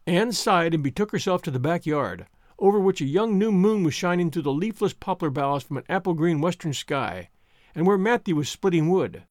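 This is scripted narration by an audiobook narrator, an expressive male storyteller with a high voice. He reads at normal speed, and the recording is dry with clean studio sound.

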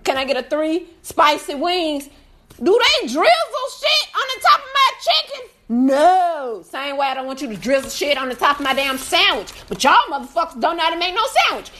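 A woman ranting in a casual review on a live video, loud and profane, often shouting and laughing through her complaints. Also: extremely high pitch.

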